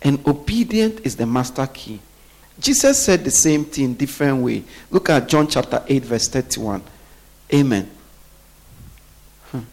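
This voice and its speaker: A man preaching a sermon, often pausing so the congregation can finish his sentences. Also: mid-range voice, sing-song, darkish tone. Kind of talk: sermon with call-and-response.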